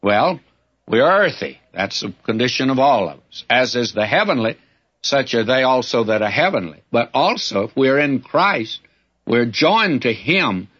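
A man teaching through a Bible passage in sermon style, folksy and emphatic, with lively storytelling asides. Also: mid-range voice, husky, lo-fi sound.

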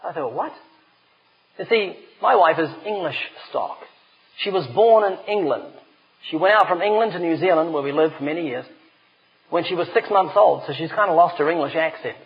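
High-voiced, animated middle-aged preacher. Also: male voice, normal speed. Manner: animated storyteller, emphatic. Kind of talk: sermon with humorous anecdotes. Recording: dull lo-fi recording.

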